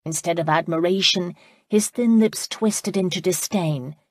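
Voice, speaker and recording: A woman reading a historical romance audiobook in calm, even scripted narration. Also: on the low side, unhurried, dry recording, studio quality.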